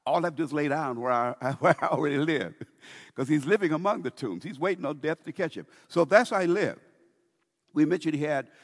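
A male pastor preaching with a lively, swinging delivery in a slightly higher register, stretching out key words and circling back over his phrases. His voice rings with a long reverb from a large sanctuary. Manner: emphatic, drawn-out preaching with many restarts. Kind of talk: sermon.

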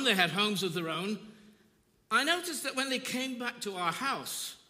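Older male preacher, impassioned, repeats phrases; bright, forceful tone in a reverberant church hall. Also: sits high, expressive, moderate pace. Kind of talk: sermon. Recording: long reverb of a large hall.

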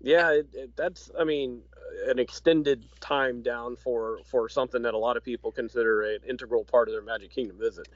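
A man co-hosting a casual chat, easygoing and halting, with a dry sarcastic streak. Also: medium pitch, steady tone, muffled recording. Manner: easygoing, many fillers and restarts, dry sarcasm. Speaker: podcast co-host.

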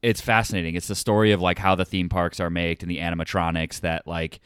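A man with a very low, smooth, resonant voice chats on a podcast about tabletop games. He sounds enthusiastic and eager. The sound is dry and close. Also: quick pace, no room sound. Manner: excited, enthusiastic. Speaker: podcast co-host. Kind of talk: casual chat.

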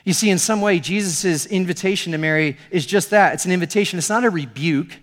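A male pastor preaching a sermon in a conversational, animated storytelling manner. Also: sits high, a little fast, in a large hall.

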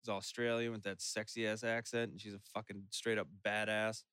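A man's voice: on the low side, flat delivery, moderate pace, a bit bright, smooth, no room sound, clean studio sound. A man co-hosting a podcast, blunt, crude and laid-back. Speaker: podcast co-host. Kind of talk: casual chat.

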